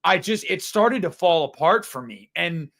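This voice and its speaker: A young man with a notably high voice rants through a casual film review, swearing and exasperated. He talks as a co-host riffing with friends. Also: expressive, moderate pace, gravelly, a bit bright. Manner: ranting, profane, exasperated. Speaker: podcast co-host.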